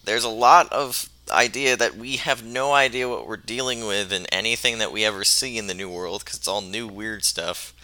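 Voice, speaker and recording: A man's voice: fairly low pitch, moderate pace, few pauses, sharp tone, no echo. A man in casual chat about a video game, laid-back, laughing as he argues his point.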